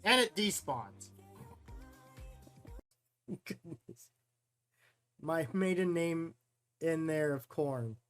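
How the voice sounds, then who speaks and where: A woman live-streaming a game, chatting casually with frequent laughs and quick exclamations. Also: sits low, animated, faint music behind. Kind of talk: casual live-stream chat over gameplay.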